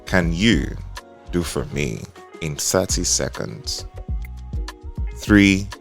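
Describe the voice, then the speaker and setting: Nigerian male radio host, very deep gravelly voice that swings widely, playful and teasing. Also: very animated, extremely slow, soft background music. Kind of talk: casual radio interview.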